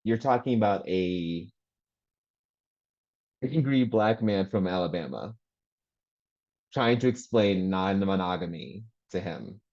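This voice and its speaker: Man, casual chat, animated storytelling, frequent laughter, dull lo-fi audio. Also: low voice, slow, pauses often. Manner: animated storyteller, acts out family quotes, laughs often. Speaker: panel guest. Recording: muffled lo-fi audio.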